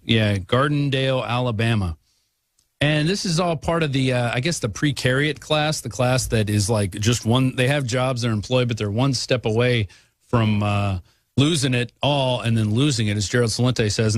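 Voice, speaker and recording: Guy hosting talk radio, argues fast with lots of uh's, dry close mic. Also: mid-range voice, dry recording. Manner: argumentative, rapid asides, frequent fillers. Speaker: radio talk show host. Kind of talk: political talk radio monologue.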